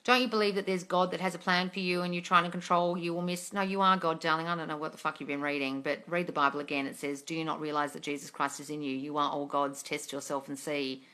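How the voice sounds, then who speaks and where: A woman's voice: sits low, steady tone, fast, hardly any pauses, sharp tone. A woman, hosting a casual live Q&A on manifesting, blunt and swearing freely, calling viewers darling. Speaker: manifestation coach answering live chat questions. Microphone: phone or webcam, live stream.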